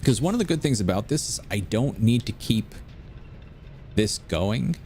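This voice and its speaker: A man's voice: lowish voice, lively intonation, moderate pace, darkish tone, slight background noise. An American man chatting casually while playing a video game, rambling through stories and restarting his sentences. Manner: rambling, anecdotal, self-interrupting. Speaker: gameplay commentator.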